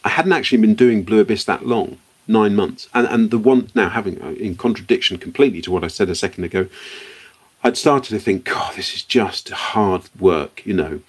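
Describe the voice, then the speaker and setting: A man's voice: lowish voice, a little fast, breathy edge. A middle-aged man from Britain, a guest on an interview podcast, telling a personal story in a reflective way with frequent restarts. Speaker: guest, company founder.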